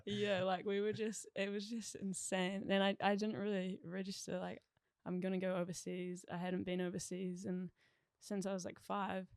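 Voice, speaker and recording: Excitable young kiwi woman, gravelly fry, flat-ish delivery, dry close sound. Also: medium pitch, normal speed, no room sound. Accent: New Zealand. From New Zealand. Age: young adult. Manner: excitable, laughs often, lots of "like". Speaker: DJ, podcast guest. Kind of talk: casual chat.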